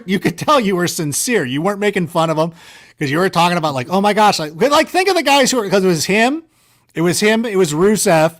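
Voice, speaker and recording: A man being interviewed, casually rambling through stories in an animated, self-correcting way with a sarcastic streak. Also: high voice. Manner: sarcastic banter. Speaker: guest. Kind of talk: casual storytelling.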